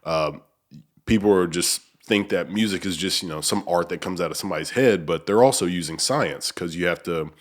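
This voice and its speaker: Low-voiced male host, loose and rambling; casual chat in a small room. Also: brisk. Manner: rambling, filler-heavy, searching for words. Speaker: podcast host. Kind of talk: casual conversation. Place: small untreated room with echoing walls.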